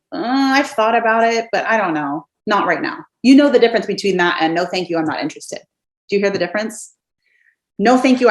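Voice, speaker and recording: A woman's voice: mid-range voice, echoey room. A woman in her thirties coaching her sales team in a casual, upbeat way, acting out sample messages from her home office. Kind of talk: casual coaching talk to camera.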